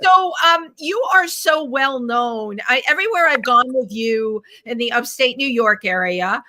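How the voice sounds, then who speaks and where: A middle-aged woman co-hosting a casual talk show. Her high, bright voice gushes with excitement, and she laughs easily between questions. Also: measured pace. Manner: gushing, laughs a lot. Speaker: co-host. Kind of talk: casual interview chat.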